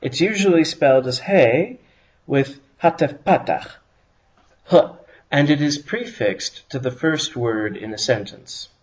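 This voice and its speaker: A male teacher talks through a grammar lesson at a measured pace. His pitch sits in the middle, but his intonation moves a lot, rising on the first word of a phrase and falling toward its end. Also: animated, slight background noise, low-quality recording. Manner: measured explanatory delivery with stressed phrase openings. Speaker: Hebrew teacher.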